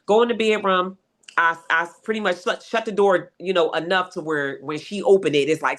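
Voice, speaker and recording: Animated woman telling her story. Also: on the low side, moderate pace. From Philadelphia. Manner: animated storyteller, acts out voices in her retelling. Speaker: podcast guest. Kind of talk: storytelling interview.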